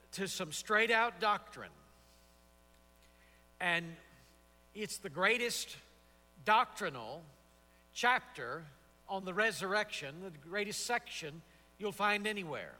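A man's voice: sits high, sharp tone. A man preaching an expository sermon in a seminary chapel, building his points with emphatic repetition. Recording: long chapel reverb.

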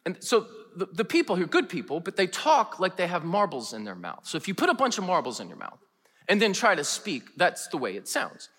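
A male pastor preaching a sermon in a chapel, telling funny stories with lively, animated delivery. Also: high-pitched, a little fast, slightly rough, big-room sound. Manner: animated, humorous storytelling. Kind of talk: sermon with storytelling. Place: large chapel.

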